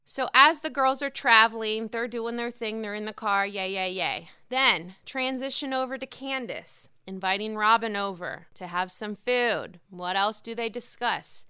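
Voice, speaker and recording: A woman recapping a reality TV episode in a casual, candid way, swearing freely and talking with lively energy. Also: mid-range voice, smooth, no room sound, studio quality.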